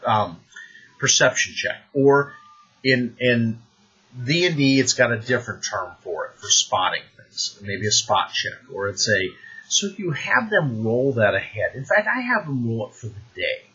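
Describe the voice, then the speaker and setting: Brief: male game master with a raspy, bright voice, chatty and animated, on a dull lo-fi recording. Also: mid-range voice, a little slow. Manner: animated, conversational, many restarts. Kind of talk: advice talk to the camera.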